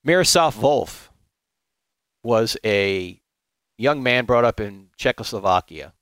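A man giving a preaching talk, emphatic and rhetorical, sometimes jumping into high mocking voices. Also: fairly bright tone, clear, resonant tone, no echo. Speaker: apologetics speaker.

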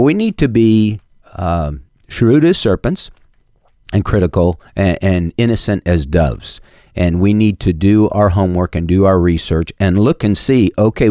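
A man's voice: on the low side, a little mellow, dry recording. A male talk radio host delivering an emphatic, repetitive monologue into a studio microphone. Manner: emphatic and repetitive, mocking opponents in quoted voices.

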